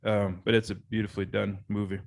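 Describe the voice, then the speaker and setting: A man's voice: fairly low pitch, level tone, fast talker, creaky. A man hosting a podcast, tipsy and rambling in casual chat, swearing now and then. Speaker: podcast host.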